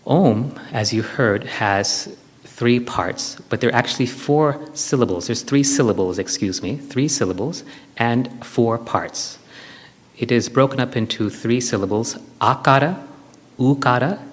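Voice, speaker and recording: A man's voice: mid-range voice, unhurried. A man giving a spiritual lecture to an audience, explaining step by step with everyday examples. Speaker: spiritual speaker. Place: hall with an audience. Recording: reverberant lecture hall.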